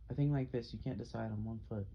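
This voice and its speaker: A man's voice: mid-range voice, fairly even intonation, fast, creaky, lo-fi sound, a little hiss or hum, close to an everyday voice. A man reading an audiobook, voicing a blunt, startled middle-aged uncle who runs a shop. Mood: gruff.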